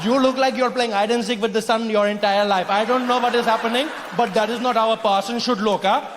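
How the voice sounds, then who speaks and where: A man's voice: extremely high pitch, fairly even intonation, a little fast, noisy background, voice pushed up. Comedian doing a teasing local man. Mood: mocking. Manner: bossy, teasing, clipped grammar. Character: blunt Indian local man, mocking. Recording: echoey hall, crowd laughter.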